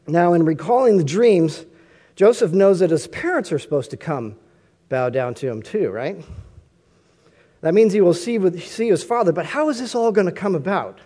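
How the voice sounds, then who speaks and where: A man's voice: high-pitched, animated, moderate pace, dark tone. A man preaching a conversational sermon, often asking his listeners rhetorical questions.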